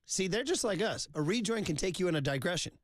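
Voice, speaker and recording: A man's voice: sits high, lively intonation, quick pace, no room sound. Brief: middle-aged male sports radio host, storyteller, tight dry studio mic. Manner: chatty storyteller, teasing. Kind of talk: casual sports radio chat.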